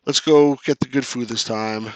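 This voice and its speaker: A man's voice: medium pitch, steady tone, normal speed, no room sound. Chatty man streaming a retro game. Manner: chatty, reads chat aloud, jokes at his own losses. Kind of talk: casual live-stream commentary.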